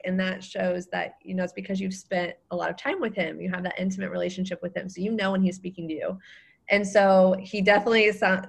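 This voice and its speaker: A woman hosts a faith podcast, responding to her guest in an encouraging, reflective tone. Her voice carries a strong gravelly fry at a mid pitch. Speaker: podcast host. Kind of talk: conversational interview.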